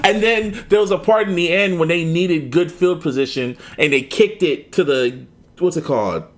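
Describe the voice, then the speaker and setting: A man co-hosting a podcast in casual chat, swearing freely and acting out quotes loudly. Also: fairly high pitch, moderate pace. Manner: animated, swears freely, acts out quotes in a raised voice. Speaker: podcast co-host.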